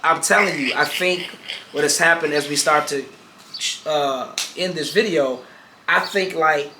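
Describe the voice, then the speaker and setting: A man's voice: on the high side, measured pace. Brief: openly emotional male co-host, casual chat, echoey room with background noise. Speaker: musician and co-host.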